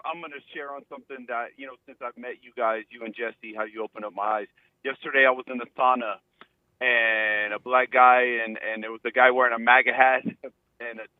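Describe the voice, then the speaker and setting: A man's voice: medium pitch, flat delivery, fairly quick, dry recording. A man from California calling in to a show, telling a story in a rambling way and acting out the quotes. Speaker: caller. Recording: tinny phone line.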